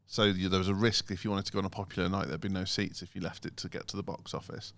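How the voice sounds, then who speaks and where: A man co-hosting a casual podcast, animated and lively, breaking into mocking imitations of automated phone messages. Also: low voice, fast, creaky. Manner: animated, mimics phone recordings in sing-song voices. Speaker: podcast co-host.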